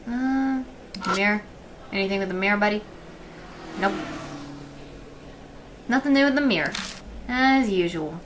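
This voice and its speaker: A woman's voice: mid-range voice, lively intonation, measured pace, long pauses, slight background noise, poor audio. A woman streaming a game, chatting casually as she thinks aloud and reads the game's text. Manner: chatty, thinks aloud, quiet and murmured while exploring. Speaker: let's play streamer. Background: game music.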